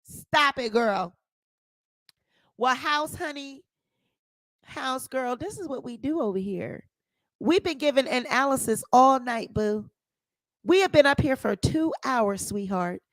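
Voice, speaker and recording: Sassy woman host for live commentary: very high, lively pitch, unhurried delivery, bright dry close sound. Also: no echo. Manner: sassy, profane, talks straight to her audience. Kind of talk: casual livestream commentary.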